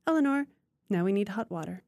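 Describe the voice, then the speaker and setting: A woman's voice: mid-range voice, animated, fast, darkish tone, no echo, studio quality, lightly acted. A woman reading the lines of a formal, opinionated elderly mother who pronounces judgments. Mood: holding forth.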